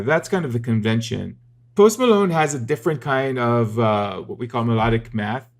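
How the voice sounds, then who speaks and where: A man teaching music theory in a casual, methodical video lesson, explaining step by step with the odd filler. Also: mid-range voice.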